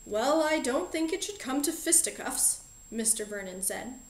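A woman's voice: high-pitched, lively intonation, moderate pace, roomy sound, low-quality recording. A woman voicing a genial, eccentric middle-aged male magic shop owner who speaks in a fussy, polite and playfully formal way, for an audiobook. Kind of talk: audiobook character reading.

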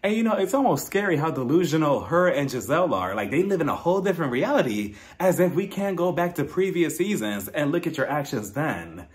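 Lively, animated man reviewing reality TV. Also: a little high, brisk, few pauses. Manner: blunt, opinionated, talks straight to viewers. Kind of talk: casual recap commentary.

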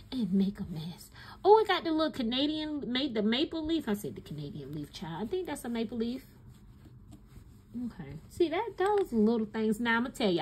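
A woman vlogger chatting through a stationery haul at her home desk, with a lively, swooping pitch. She talks straight to her viewers, exclaiming as she fiddles with her pens. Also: slight background noise. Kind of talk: casual chatty haul video.

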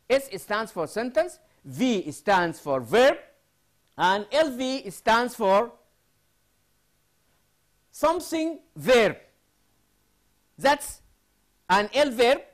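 A male university lecturer from Sudan giving a recorded lesson. He asks his own questions, answers them himself and repeats the key phrases. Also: sits high.

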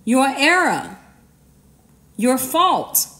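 A woman's voice: high-pitched, sing-song, extremely slow, bright, forceful tone. A woman giving an informal, emphatic sermon, talking conversationally with slang and repeated commands. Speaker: preacher.

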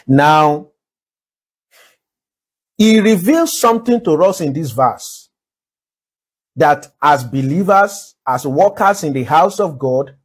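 A man with a Nigerian accent delivers a sermon in a somewhat high, husky voice. His preaching is emphatic, racing through some phrases and drawing others out slowly and deliberately. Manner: emphatic preaching, shifts between quick and slow deliberate delivery. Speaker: pastor.

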